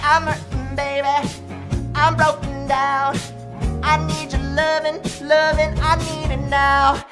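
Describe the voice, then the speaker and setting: A woman's voice: high-pitched, flat delivery, slow. A woman doing exaggerated comic singing impressions. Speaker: comedy performer. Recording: music playing behind.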